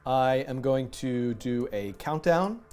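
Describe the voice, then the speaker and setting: A man hosting a live coding stream, chatting casually, animated and self-mocking, laughing often. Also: medium pitch, slow pace, faint music behind. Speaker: livestream coding host. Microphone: headset with music in his ear.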